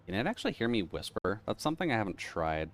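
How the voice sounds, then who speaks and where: A man's voice: on the low side, big pitch swings, fast. A man streaming a game live, muttering sarcastic commentary and swearing. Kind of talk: casual live gameplay commentary.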